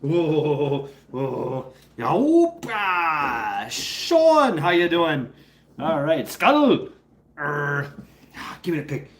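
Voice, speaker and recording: A man with a slightly high voice hosts a casual live stream. He rambles freely, swings his pitch widely, greets chatters one by one, and drops into a coaxing, playful tone with his dog. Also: huge pitch swings, extremely slow. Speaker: livestream host. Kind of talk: casual live chat with viewers.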